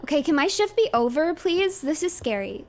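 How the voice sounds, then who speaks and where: A woman's voice: sits high, big pitch swings, normal speed, darkish tone, soft background music. A young woman streaming a game, chatting casually and exclaiming in flustered bursts.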